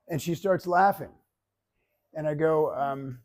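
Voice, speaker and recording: A man coaching a public speaking class, giving feedback and telling stories in an animated way that acts out other people's voices. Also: fairly high pitch, measured pace, long pauses.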